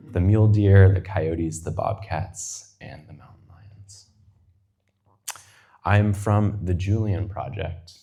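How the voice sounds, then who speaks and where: Young man, very low voice, mellow tone, unhurried poetic reading, soft trailing phrases. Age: 20s. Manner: unhurried, poetic, lingering on lists, dropping to near-whispers. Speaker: guest speaker. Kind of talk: reflective personal reading.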